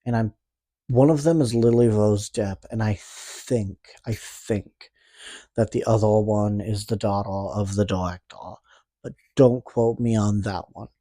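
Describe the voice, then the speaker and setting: His voice lowish, steady, dark and unhurried, a Canadian man with a speech impediment recaps a horror movie as a reviewer. The dry recording catches a casual, rambling style full of profane, sarcastic remarks.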